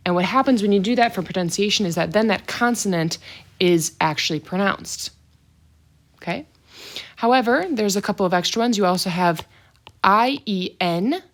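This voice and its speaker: A woman's voice: medium pitch, moderate pace. A woman teaching a French vocabulary lesson, saying each word twice, then explaining it in brief asides.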